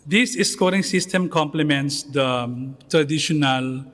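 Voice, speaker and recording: A man answering a moderator on a conference panel, measured and somewhat formal. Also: on the high side, a bit bright. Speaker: association secretary general, panel speaker.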